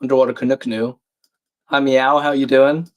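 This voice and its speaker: Croaky man hosting a casual livestream. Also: medium pitch, flat delivery, normal speed. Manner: chatty, reads chat aloud, self-deprecating. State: croaky, a bit sick. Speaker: livestream crossword host. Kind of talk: casual live-stream chat.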